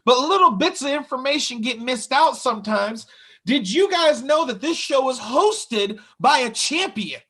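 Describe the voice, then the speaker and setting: Bright, high-voiced joking man. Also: lively intonation, measured pace, breathy edge. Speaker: podcast co-host. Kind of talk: casual wrestling chat.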